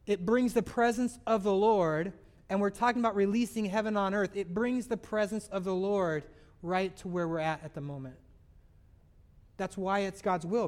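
A man with a notably high voice delivers a sermon in an earnest, preacherly way. He shifts between scripture reading and acted-out grumbles. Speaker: pastor.

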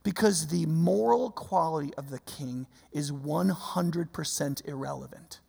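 A man preaching a sermon with a fairly high, gravelly voice. He talks casually, throwing out rhetorical questions and fillers. His voice rings with the long reverb of a large hall. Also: a little slow, a little mellow. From United States. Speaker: pastor.

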